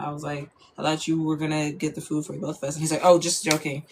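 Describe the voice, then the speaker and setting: A woman's voice: low-pitched, level tone, fast, slight background noise. A young woman telling a personal story in a casual, chatty way, full of fillers.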